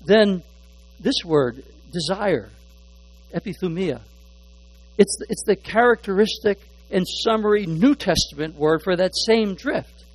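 A man preaching from the pulpit in a high, light voice. He stumbles and repeats little words as he gropes for a phrase. Then he leans hard on single words before dropping back to a near murmur. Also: lively intonation, rough recording. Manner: halting, repeats words while searching for phrasing; shifts between hushed asides and emphatic stressed words. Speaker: pastor. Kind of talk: sermon.

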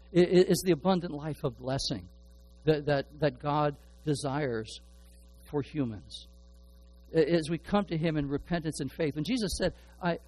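A middle-aged pastor preaching a sermon in an earnest way, often stumbling and repeating words as he builds a point. His voice sits a little higher than most men's. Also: darkish tone, poor audio.

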